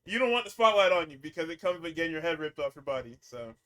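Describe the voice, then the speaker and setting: A man with a slightly high, bright and forceful voice talks through a wrestling recap. He is loose and profane, slips into quick impressions of the people he describes, and laughs a lot. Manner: animated, acts out quotes, laughs often. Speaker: podcast co-host recapping wrestling.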